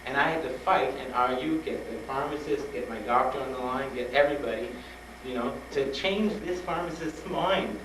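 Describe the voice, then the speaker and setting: A man speaking to students, telling a personal story with animated retellings and frank urging. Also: medium pitch, normal speed, few pauses. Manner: animated, acts out dialogue, laughs often. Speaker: guest speaker at a school. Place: school hall with an audience. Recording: roomy old tape from a distant mic, noisy.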